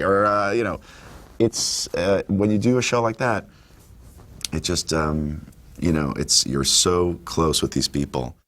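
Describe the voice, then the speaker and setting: A man's voice: low voice, unhurried, fairly bright tone. A man in an interview, rambling and using many fillers as he looks back on a show. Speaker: actor. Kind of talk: interview reminiscence.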